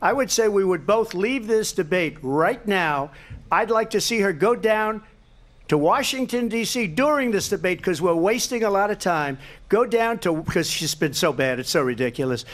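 A man debating on stage with a rather high voice, emphatic and repetitive. His answers ramble from point to point with heavy stress on key words. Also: expressive, normal speed, fairly bright tone. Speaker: presidential debate candidate.

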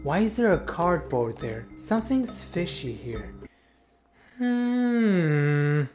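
A man's voice: on the high side, very animated, moderate pace, soft background music. A young man reacting to a TV clip in casual, sarcastic commentary, talking straight to his viewers.

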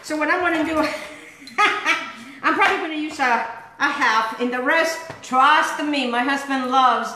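Give me an enthusiastic woman hosting a home cooking lesson, bright and lively. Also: high-pitched, a little slow, echoey room, a little hiss or hum, rough recording. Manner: chatty, rambling, enthusiastic. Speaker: cooking show host. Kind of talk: casual cooking demonstration. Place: home kitchen.

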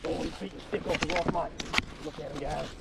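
A man's voice: fairly high pitch, steady tone, a little fast, gravelly. A man putting on a joking Australian accent as a wildlife show presenter. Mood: hammy. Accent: put-on Australian. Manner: hammy nature-show commentary. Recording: loud outdoor noise.

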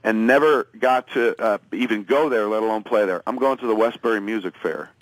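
A man's voice: lowish voice, brisk, no room sound, poor audio. Profane, rambling male storyteller. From US East Coast. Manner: rambling, profane, acts out quotes. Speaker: phone-in guest. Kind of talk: casual comic storytelling.

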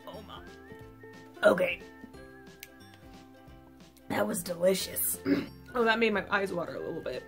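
A woman's voice: medium pitch, unhurried, pauses often, soft background music. A young woman YouTuber chatting casually to camera, bubbly and self-mocking.

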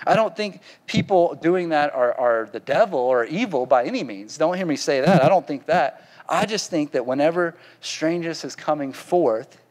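A man's voice: a little high, long reverb tail. A man with a Southern accent preaching a sermon in a folksy, conversational way, often asking the congregation questions. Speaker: pastor.

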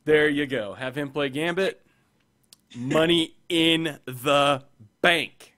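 A man co-hosting a casual comics podcast, joking and often laughing. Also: slow pace. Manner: jokey, laughs often, goes loud and high when amused. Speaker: podcast co-host.

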